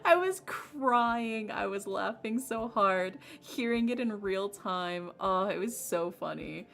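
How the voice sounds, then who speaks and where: Bubbly gravelly woman streamer. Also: medium pitch, animated, slow pace, a bit bright. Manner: bubbly, rambling with many fillers. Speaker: game streamer. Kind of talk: casual livestream chat.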